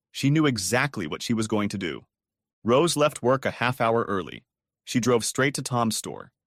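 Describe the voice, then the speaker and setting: A man's voice: lowish voice, fairly bright tone, no echo, studio quality. A man narrating a dramatic storybook audio reading.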